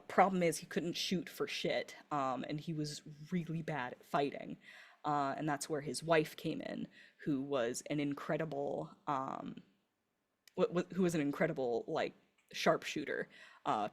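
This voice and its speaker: A woman runs a tabletop game in a low, unhurried voice. She rambles along with lots of fillers as she tells the backstory. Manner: relaxed, rambling with many fillers. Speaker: game master.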